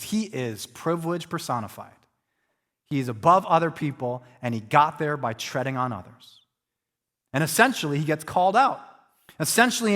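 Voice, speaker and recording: A male pastor delivers a sermon in a lively, playful way, acting out quotes and poking fun at himself. His voice sits high for a man, and it carries through a church hall with a long, ringing reverb. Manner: animated preaching, acting out quotes, self-deprecating humor.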